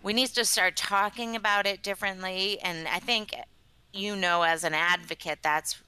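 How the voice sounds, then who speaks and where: Woman guest explaining a test, lots of ums, bright clear voice, dry sound. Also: mid-range voice, fairly even intonation, normal speed, low-quality recording. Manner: earnest, explains with many ums. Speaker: patient advocate and company scientist. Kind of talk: podcast interview.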